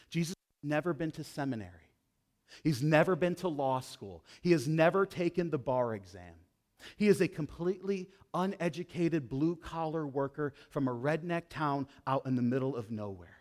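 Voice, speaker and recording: A pastor preaches a sermon, speaking directly to his congregation and swinging between loud, emphatic lines and low, hushed ones. He is expressive and keeps a moderate pace.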